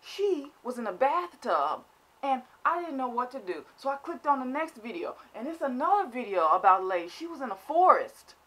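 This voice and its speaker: A woman's voice: high-pitched, very animated, normal speed, a bit bright. A woman vlogger telling a comic story in an exaggerated, mock-dramatic way. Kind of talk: comedic storytelling vlog.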